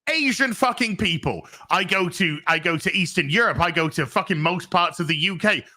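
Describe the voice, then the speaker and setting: A man's voice: high voice, animated, normal speed, bright, forceful tone. A man ranting profanely in a casual podcast chat.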